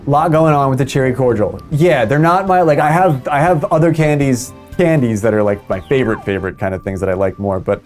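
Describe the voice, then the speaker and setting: A man's voice: mid-range voice, a little fast, hardly any pauses, a little mellow, soft background music. A man streaming a golf game live, chatting casually in a rambling, joking way with plenty of swearing.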